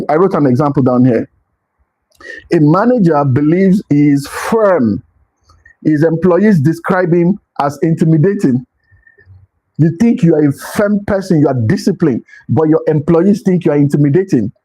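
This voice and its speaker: A man's voice: on the high side, warm tone, breathy edge, poor audio. A man giving a motivational leadership talk, earnest and repetitive, sometimes pleading with his listeners. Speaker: leadership speaker.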